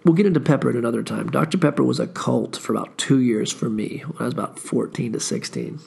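A man's voice: medium pitch, quick pace, gravelly, darkish tone, slightly rough. A tired man hosting a podcast, telling a long story in a laid-back, profane, rambling way. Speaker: podcast host. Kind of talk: casual rambling monologue.

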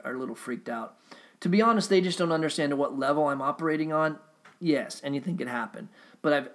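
Casual and profane, this man's rambling monologue keeps breaking off into restarted sentences. His voice is medium in pitch with a fairly bright tone.

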